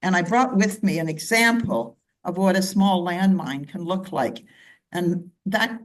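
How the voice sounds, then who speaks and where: A woman's voice: fairly low pitch, a little mellow. Woman giving a chatty slide talk. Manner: conversational, with asides and side remarks. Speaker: club speaker.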